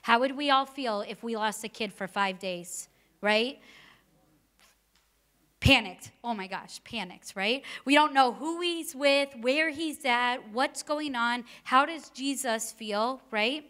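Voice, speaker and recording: Bright, lively woman preaching a sermon. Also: high voice, unhurried. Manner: conversational, personal stories, rhetorical questions.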